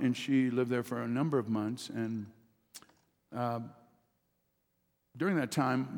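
A man's voice: mid-range voice, steady tone, slow pace, pauses often, a little mellow. A man preaching a sermon as pastor, leading his congregation in call-and-response with rising, emphatic delivery. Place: church sanctuary. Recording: long reverb of a church hall.

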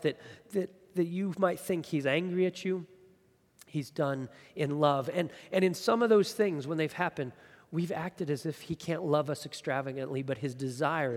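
A man in his thirties delivers a sermon, earnest and searching, and often restarts a phrase by repeating its first word. His voice sits a little high for a man. The sound carries a long reverb, like a large hall. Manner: earnest, repeats words when starting phrases. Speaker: pastor.

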